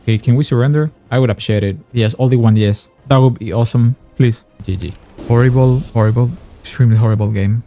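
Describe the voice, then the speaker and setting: Swearing young gamer, dark voice. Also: male voice, medium pitch, fast, faint music behind. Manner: frustrated, swearing, sarcastic. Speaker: gaming YouTuber. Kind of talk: gameplay commentary.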